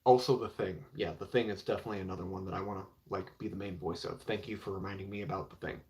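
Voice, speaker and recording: A man's voice: sits low, fairly even intonation, fast talker, a little mellow. A young man chatting casually on a live stream about comic books, rambling and filling with 'like' and 'you know'. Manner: rambling, heavy with filler words.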